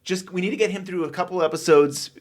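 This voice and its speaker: A man's voice: sits high, fast talker. A man co-hosting a TV discussion podcast, telling behind-the-scenes stories in casual chat and acting out quotes as he goes. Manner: animated storytelling, acting out quotes. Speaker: podcast co-host.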